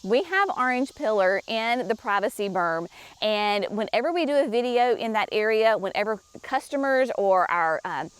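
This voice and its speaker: A woman's voice: a little high, expressive, moderate pace, smooth, no room sound. A woman presenting shrubs at a garden nursery, talking chattily and enthusiastically straight to her viewers. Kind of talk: casual product walkthrough for viewers.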